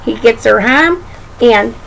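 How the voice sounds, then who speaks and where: A woman reads a picture book aloud to young children, slowly and gently. Her voice is lively and sing-song, with a gravelly edge, and she stops for doting asides to the child. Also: on the high side, poor audio. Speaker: reader of children's books.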